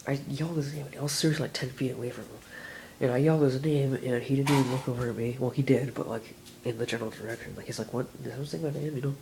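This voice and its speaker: An eighteen-year-old guy talks straight to the camera in a loose, rambling vlog, piling on "like" and "you know" as he gets excited. His voice sits at a middle pitch with a gravelly, fried edge. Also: very fast, a little hiss or hum, low-quality recording. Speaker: vlogger.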